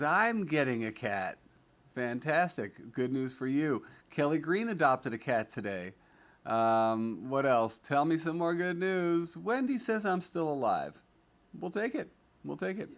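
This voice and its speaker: A man's voice: mid-range voice, expressive, takes it slowly, fairly bright tone. A middle-aged man hosting a casual livestream, chatting and reading viewer comments aloud in an upbeat, rambling way with lots of fillers. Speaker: livestream host.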